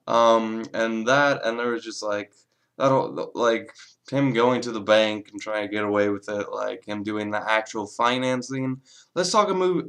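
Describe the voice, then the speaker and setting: A man giving a casual, rambling spoken film review, swearing freely and filling pauses with lots of hedging words. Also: on the low side, fairly bright tone.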